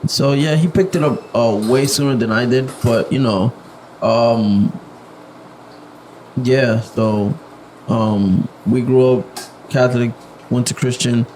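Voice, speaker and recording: A reserved young man talks in an easygoing, halting way, full of "like" and "you know." His voice sits at a middle pitch. A faint hiss runs under the recording. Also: fairly even intonation, poor audio. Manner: soft-spoken, reserved, many fillers. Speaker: podcast guest, music producer. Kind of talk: casual interview chat.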